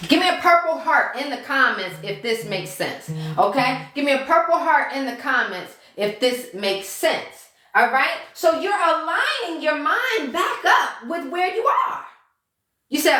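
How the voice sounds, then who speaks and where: Bright-voiced woman coaching, okay?. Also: high voice, very animated, measured pace, roomy sound. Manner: checks in with "okay?" and "right?" after nearly every point; repeats key steps, acts out inner thoughts. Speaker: mindset coach. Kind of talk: casual self-help lesson to followers. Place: room at home.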